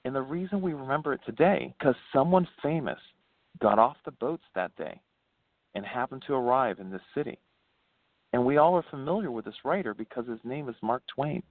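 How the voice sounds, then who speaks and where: A man's voice: fairly quick, no echo. A man from Florida, born in New Hampshire, telling history and ghost stories as an interview guest, laughing often. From born New Hampshire, raised in Florida. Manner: animated storyteller, laughs often, swoops in pitch. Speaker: guest, paranormal investigator and ghost tour founder. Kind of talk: casual phone interview. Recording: dry tinny phone line.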